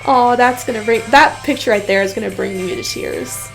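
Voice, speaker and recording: A woman hosting an anime reaction video, talking casually in an excitable, rambling way with frequent laughs. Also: fairly high pitch, fairly quick, creaky, faint music behind. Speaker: anime reaction channel host.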